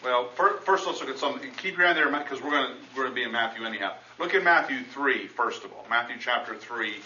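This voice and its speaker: A male preacher teaches a sermon with a bright, forceful voice, talking through scripture conversationally and restarting his sentences. The sound is dull and lo-fi, picked up from far off in a roomy church hall. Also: medium pitch, expressive, fast talker, slight background noise.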